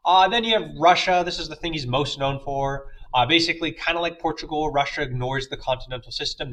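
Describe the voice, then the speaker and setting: A man's voice: fairly high pitch, fairly quick, hardly any pauses, fairly bright tone, low-quality recording. A young man teaching a history lesson in a loose, chatty way, with lots of fillers and playful asides. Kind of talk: casual classroom lecture.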